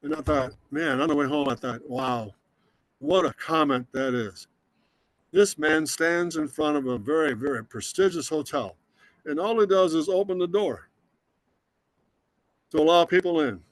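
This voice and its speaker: An older man from Scotland giving an emotional, earnest inspirational talk as a guest speaker, slowing down for emphasis. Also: on the high side, no room sound, rough recording. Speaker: guest speaker, automotive designer.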